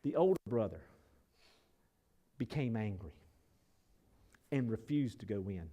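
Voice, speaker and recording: A male pastor preaching a sermon, swinging between loud emphasis and quiet reflection while calling on the congregation to answer back. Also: lowish voice, animated, measured pace.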